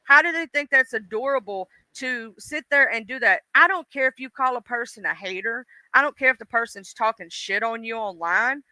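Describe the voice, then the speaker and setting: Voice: medium pitch, normal speed, few pauses, sharp tone, no room sound. A livestream host ranting bluntly and profanely, speaking straight to the audience. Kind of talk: casual livestream rant.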